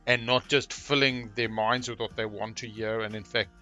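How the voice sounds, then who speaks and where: A man's voice: mid-range voice, fairly even intonation, moderate pace, over music. A talkative man chatting while playing a board game over an online voice call. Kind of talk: casual game-table banter.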